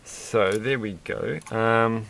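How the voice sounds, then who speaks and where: A man's voice: fairly low pitch, slow, creaky, fairly bright tone. A man chatting casually and rambling with amused asides while building a Lego set.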